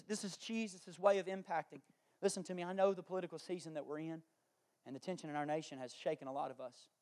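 A man with a high voice delivers a Sunday sermon. He moves between easygoing, folksy asides and repeated, emphatic lines pushed out with force. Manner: emphatic and repetitive, building to loud declarations; folksy and conversational, with homespun analogies. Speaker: pastor.

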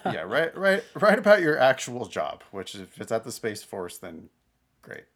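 A middle-aged man co-hosting a casual podcast, talking in an animated way, laughing and often breaking off to restart his sentences. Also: mid-range voice, a little slow. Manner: animated, laughing, self-interrupting. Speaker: podcast co-host.

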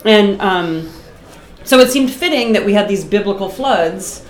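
A middle-aged woman from Boston, a guest artist chatting casually in an interview, animated and talkative, laughing often. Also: mid-range voice, a little slow, echoey room, a little hiss or hum. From Boston, USA.

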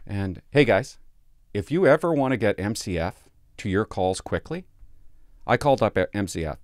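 A man's voice: lowish voice, lively intonation, normal speed, no room sound, clean studio sound. A man, a police officer telling work stories in a blunt, sarcastic, profane casual vlog from a sparse home office.

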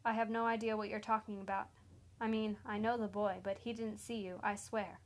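Woman voicing a frightened male traitor, desperate and defiant, mid-pitched. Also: flat delivery, brisk, close to an everyday voice. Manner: desperate, pleading.

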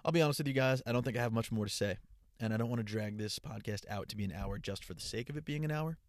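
A man's voice: mid-range voice, quick pace, dry recording, studio quality. A young man hosting his own podcast alone, rambling casually in a stream of consciousness into a portable travel mic. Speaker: podcast host. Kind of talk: casual solo podcast monologue.

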